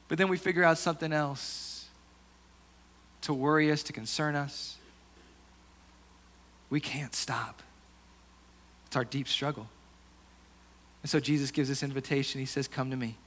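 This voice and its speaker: A man delivers a sermon with a slightly higher pitch than most men. He speaks earnestly and conversationally, restarting phrases and sinking into quieter asides before lifting again. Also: moderate pace, long pauses. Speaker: pastor.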